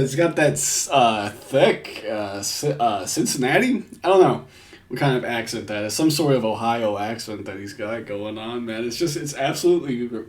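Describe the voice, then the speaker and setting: A man's voice: medium pitch, moderate pace. A man giving crude, casual reaction commentary from home, swearing and laughing often.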